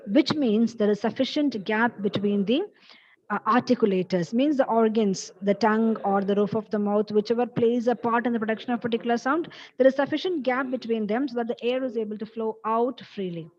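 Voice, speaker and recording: A woman's voice: fairly high pitch, fairly quick, a little mellow, dull audio. A woman teaching a college English class, explaining step by step in a patient lecture style and repeating key points.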